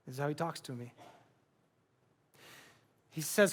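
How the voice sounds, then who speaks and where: A man's voice: fairly high pitch, unhurried, pauses often, in a large hall. A man preaching a sermon as pastor, earnest and building to passionate emphasis. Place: large church hall.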